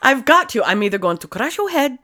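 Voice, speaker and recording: A woman hosting a podcast, talking in a loose, joking ramble and swearing freely. Her pitch sits a touch high and swings widely as she riffs. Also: big pitch swings, fairly quick, bright, forceful tone. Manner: profane, rambling, jokey. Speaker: podcast co-host. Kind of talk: casual chat.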